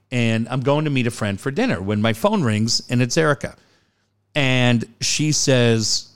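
A middle-aged man, a podcast co-host, telling a personal story in an earnest, conversational way. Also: mid-range voice. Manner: earnest, conversational, hesitant with fillers. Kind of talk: personal storytelling in casual chat.

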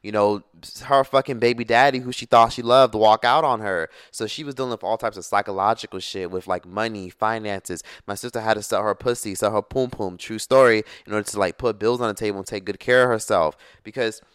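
A young man in his twenties speaks straight into the mic in a casual storytime vlog. His voice sits low, smooth and resonant, and he talks bluntly, swearing freely. The sound is close and dry. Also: a little fast, few pauses, dry recording. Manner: blunt, profane, animated storytelling. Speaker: YouTuber.

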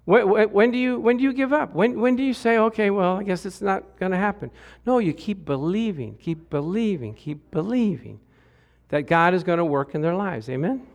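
Here a middle-aged man preaches a spirited sermon at a moderate pace, his voice pitched high. He performs quotes in assorted voices and laughs throughout.

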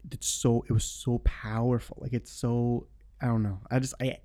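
A man's voice: mid-range voice, little pitch movement, normal speed, dark tone. A young man chatting casually as a podcast guest, rambling and filling his talk with "like.". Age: young adult. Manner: rambling, full of "like" fillers. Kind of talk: casual chat.

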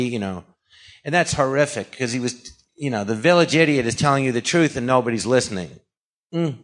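A man's voice: medium pitch, animated, fairly quick. A man from California, a guest actor and comedian, rambling through a story in a casual interview, acting out quoted dialogue and dropping sarcastic asides. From California, USA.

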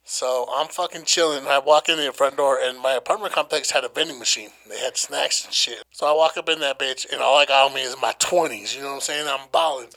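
A young man telling a wild story in a casual podcast chat, swearing freely and animated. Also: mid-range voice, brisk, few pauses, rough recording. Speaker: podcast co-host.

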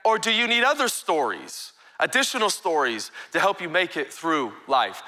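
A man preaching a live sermon as pastor in a church sanctuary, energetic and calling for amens from the congregation. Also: a little high, moderate pace, few pauses.

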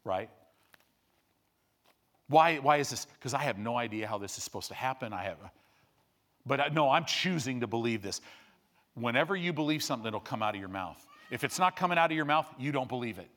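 A middle-aged male pastor preaching a sermon, dropping to hushed low asides and rising to loud peaks. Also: lively intonation, fairly quick, long pauses.

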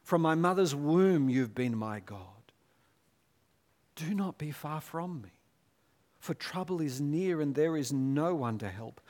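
Intense male preacher, hushed to raised. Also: animated, slow pace. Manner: dramatic, swinging between hushed low passages and raised intense readings. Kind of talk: sermon.

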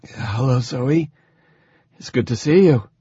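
A man's voice: medium pitch, expressive, takes it slowly, warm tone, husky, dry recording, dull audio, voice pushed up, heavily acted. A man voicing a grown man who speaks with restraint, his voice close to breaking. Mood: strained. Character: grown man, strained and emotional, holding back.

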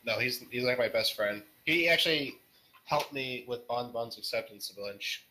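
Bright-voiced man, rambling and jokey. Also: mid-range voice, normal speed, low-quality recording. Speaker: guest artist. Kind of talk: casual podcast interview.

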